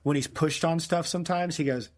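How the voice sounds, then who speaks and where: A man's voice: fairly high pitch, brisk. A man co-hosting a casual book podcast, retelling scenes and acting out quoted characters in playful voices. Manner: animated, acts out quoted characters in silly voices. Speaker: podcast co-host.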